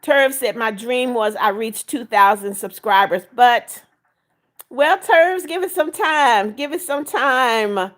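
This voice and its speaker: A woman's voice: a little high, slow pace, a bit bright. An older woman hosting a live stream, reading viewer comments aloud, greeting people by name and firmly scolding rule breakers. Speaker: livestream host.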